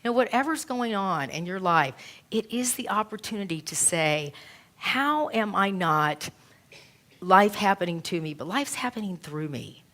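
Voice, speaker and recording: A woman's voice: medium pitch, lively intonation, normal speed, a bit bright. A woman minister preaches to her congregation, weaving a personal story into the sermon. Her delivery is earnest and emotional, and she retells other people's words in her own voice. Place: church.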